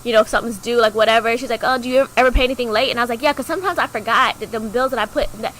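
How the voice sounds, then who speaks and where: A young woman co-hosting a podcast, telling a personal story in a chatty way, acting out the voices of people in it with big jumps in pitch. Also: racing, poor audio. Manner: animated, acts out quoted dialogue with big pitch jumps; chatty, heavy use of "like" fillers. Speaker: podcast co-host.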